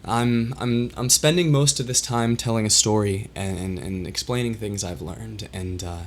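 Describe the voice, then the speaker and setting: A man hosts a solo livestream and talks straight to his chat. His voice is worn and strained, still recovering after he lost it, and it carries emotion. He speaks haltingly and reflectively, often stopping to restart his sentences. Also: fairly low pitch. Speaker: livestream host.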